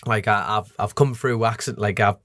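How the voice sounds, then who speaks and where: A man with a North East English accent, a guest telling racing stories in a casual, animated way and laughing often. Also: lowish voice, a little fast, no echo, studio quality. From North East England. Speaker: podcast guest, road racer. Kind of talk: casual chat.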